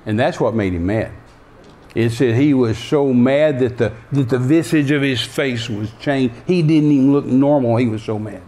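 A man's voice: mid-range voice, moderate pace, warm tone. A man preaching a sermon, emphatic and repetitive, acting out the voices in the story. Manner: emphatic, repeating key phrases; acts out the story's speakers.

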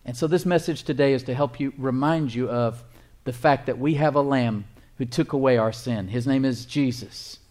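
A male pastor preaching a sermon, emphatic, repeating phrases and reading scripture slowly. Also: medium pitch, a little mellow.

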